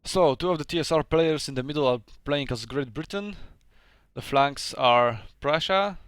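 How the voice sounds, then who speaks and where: A man's voice: a little high, normal speed, smooth, dry recording. A man whose first language is Polish, casually commentating a strategy game battle, hesitant and thinking aloud with many fillers.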